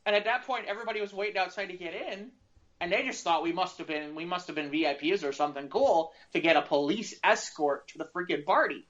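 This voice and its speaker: A man's voice: high voice, fast talker. Man telling stories on a muffled podcast. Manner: rambling, animated anecdotes with restarts. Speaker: podcast co-host. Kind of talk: casual storytelling chat. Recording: dull lo-fi sound.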